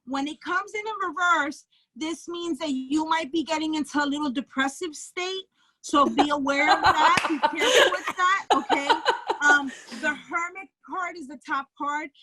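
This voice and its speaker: A woman's voice: sits high, normal speed, background noise. A woman with a Bronx New York accent giving a casual, blunt tarot reading, often checking in with "okay?" and swearing freely. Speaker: psychic tarot reader. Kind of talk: tarot reading on a live stream.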